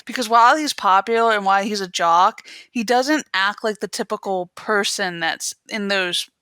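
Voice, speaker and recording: A young woman co-hosting a podcast, casually recapping a TV episode with giggles and quick quoted voices. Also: mid-range voice, sharp tone, clear, resonant tone, no room sound. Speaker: podcast co-host. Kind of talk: casual chat about a TV show.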